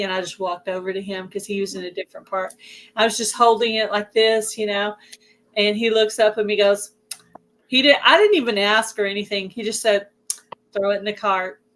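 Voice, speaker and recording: A chatty Southern woman hosting a relaxed live stream, her voice worn hoarse. She rambles along in a middle-pitched voice and welcomes viewers by name as they drop in. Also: fairly quick. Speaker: host of a livestream. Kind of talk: casual livestream chat.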